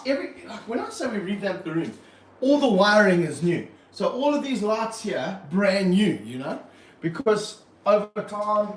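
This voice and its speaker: A slightly high-voiced man chats excitably on a livestream, dropping slang and jokes. He is in a reptile room with hard walls that ring around his voice, and a faint hum sits underneath. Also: roomy sound, rough recording. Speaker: reptile park owner and streamer. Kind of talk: casual livestream chat.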